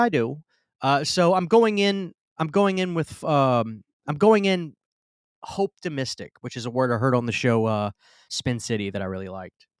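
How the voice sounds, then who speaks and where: Stream host, man, higher-pitched, talkative, close dry mic. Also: clean tone, dry recording. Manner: chatty, greets viewers by name, restarts sentences. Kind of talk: casual live chat.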